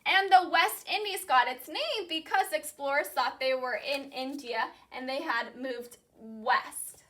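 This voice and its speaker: A woman teacher leading a call-and-repeat classroom lesson, saying each vocabulary word slowly and clearly and then repeating it. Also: high-pitched, sharp tone. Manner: slow, clearly enunciated drilling of vocabulary.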